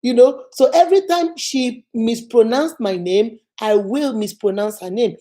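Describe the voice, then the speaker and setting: A woman's voice: a little high, measured pace. A woman vlogger telling a personal story casually to camera, acting out the people in it. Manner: animated, acts out quoted voices. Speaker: motivational vlogger.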